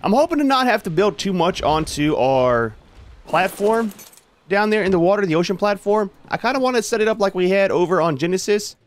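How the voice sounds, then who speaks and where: A man's voice: sits high, expressive, fairly quick. A man hosting a gaming channel, giving casual commentary as he plays and chatting to his creatures in a laid-back way.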